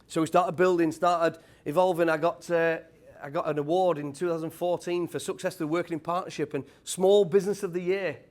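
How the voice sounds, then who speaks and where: A British man in his thirties, a former tradesman giving an energetic motivational talk to a live audience and quizzing the crowd. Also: on the high side, fairly quick. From United Kingdom. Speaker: speaker at a property event.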